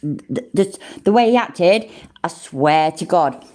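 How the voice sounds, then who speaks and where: A woman's voice: on the low side, animated, takes it slowly, dark tone. A woman in her forties hosting a livestream, a little tipsy, chatting casually, swearing freely and laughing often. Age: 40s. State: tipsy from drinking. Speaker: livestream host.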